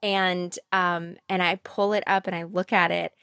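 A woman hosts a podcast, telling a spooky story in loose, casual chat. She acts out the lines of the people in her story, with plenty of "um" and "like" along the way. Her voice sits a little low and sounds dry and close. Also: normal speed, clean tone, no echo. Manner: animated storyteller, acts out quotes; many fillers, 'like' and 'um'. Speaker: podcast host.

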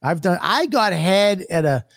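A man's voice: high voice, lively intonation, unhurried, gravelly, a bit bright. A man co-hosting a podcast, trading brash, profane jokes in casual banter. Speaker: podcast co-host. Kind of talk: crude comedic banter.

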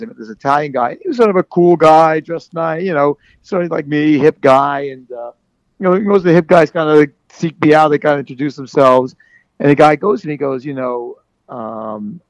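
A man's voice: a little high, a little fast, no room sound, rough recording. A man speaking candidly about his sobriety, rambling with many restarts and fillers. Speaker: guest in recovery. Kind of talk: candid conversation.

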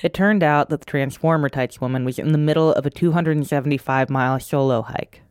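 Measured story narrator. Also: mid-range voice, smooth, dry recording, studio quality. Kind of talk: scripted narration.

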